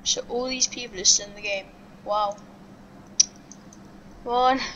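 A woman giving excitable live gameplay commentary as a video host, thinking aloud to herself. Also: mid-range voice, unhurried, dull audio. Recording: clear background noise.

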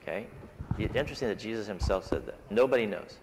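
A man with a fairly low voice and lively intonation speaks fast as he leads a casual Sabbath School Bible discussion, working through ideas with the group. The church classroom recording is reverberant like a hall and has a noisy background.

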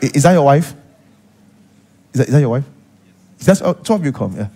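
In a church hall with some chatter behind him, a Nigerian-accented pastor preaches, acting out small scenes and repeating his points for emphasis. His mid-range voice is dark-toned and husky, animated and fairly quick.

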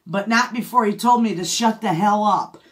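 A middle-aged woman talks casually to her viewers. She is a chatty storyteller who laughs often, in a voice of ordinary pitch. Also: moderate pace. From Michigan, USA. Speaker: homestead vlogger. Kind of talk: casual chat.

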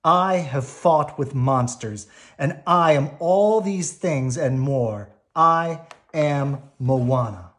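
A man voicing a determined teenage island girl in a storybook read-aloud, lifting his voice higher and lighter. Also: very animated, measured pace, a little mellow. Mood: proud.

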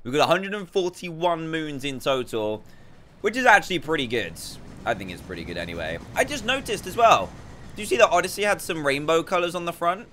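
A gaming YouTuber, this man provides casual let's play commentary at a normal speed. He's excitable, often breaking into high laughs and addressing his viewers directly.

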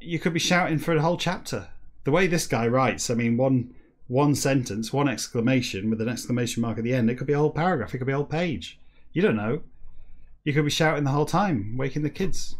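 Wry British man in his comedic podcast monologue, deadpan and rambling, mid-pitched, drawling slowly through the reading parts. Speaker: podcast host reading a novel backwards.

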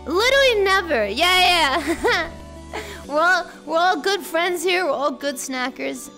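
A woman with a very high, sharp, bright voice chats playfully with her live-stream viewers. Her voice is slightly sore and strained, and faint music plays behind her. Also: measured pace. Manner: bubbly, playful, greets chat excitedly. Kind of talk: casual live-stream chat.

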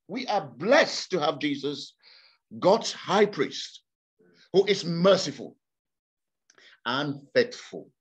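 A man preaching a sermon to a congregation, impassioned and repeating words for emphasis. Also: very high voice. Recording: slightly dull lo-fi sound.

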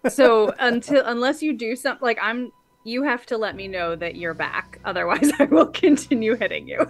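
A woman's voice: fairly high pitch, moderate pace. A woman playing a tabletop game, narrating her character's actions with lots of fillers. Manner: animated storytelling with many fillers. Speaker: player. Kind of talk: tabletop role-play narration.

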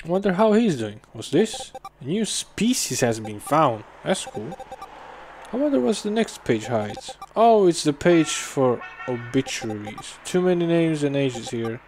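A man's voice: a little high, very animated, a little slow, a little mellow, slight background noise. A man giving wry let's-play commentary, muttering and swearing casually. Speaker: game commentator. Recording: faint game music behind.

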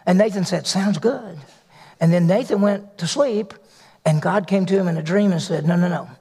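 A man's voice: high voice, normal speed, vocal fry, warm tone, husky. A male pastor, preaching a sermon to his congregation in folksy storytelling style. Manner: folksy storytelling with acted quotes. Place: church hall. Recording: long hall reverb.

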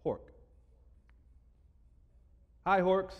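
A man's voice: fairly high pitch, animated, moderate pace, muffled recording. Playful preaching man in a reverberant hall. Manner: playful, jokey preaching with bursts of loud laughing asides. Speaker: pastor. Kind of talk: sermon. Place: church sanctuary.

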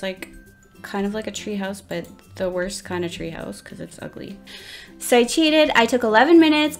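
A young woman giving casual commentary over her own game, chatty and self-mocking, often flustered as she races the clock. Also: on the high side. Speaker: gaming YouTuber.

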